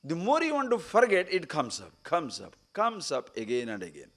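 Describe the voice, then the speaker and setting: Animated man teaching a spiritual talk. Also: on the high side, moderate pace. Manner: animated storytelling, acting out quoted speakers. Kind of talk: spiritual discourse. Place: retreat camp.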